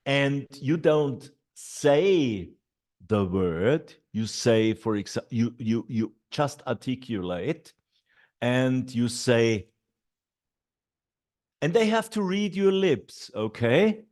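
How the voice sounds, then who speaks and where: A man's voice: mid-range voice, animated, slow pace, a little mellow. A middle-aged man giving a teacher training talk, walking through classroom steps with many fillers and repeated et ceteras.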